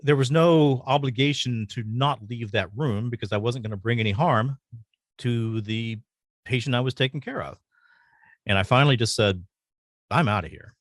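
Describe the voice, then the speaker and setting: A man telling a personal story as a podcast guest, earnest and halting, pausing often. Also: medium pitch, no room sound, studio quality.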